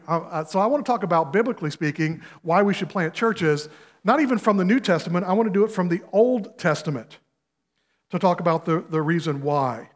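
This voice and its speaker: Male guest preacher, slightly high voice, chatty and folksy, long hall echo. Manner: conversational, asks the congregation questions, folksy examples. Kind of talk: sermon. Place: church sanctuary.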